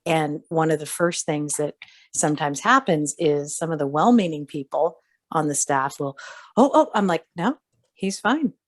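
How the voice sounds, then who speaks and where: Low-voiced woman chatting animatedly on a podcast. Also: normal speed, no echo, clean studio sound. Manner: animated, acts out quoted voices. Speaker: podcast co-host. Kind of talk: casual chat.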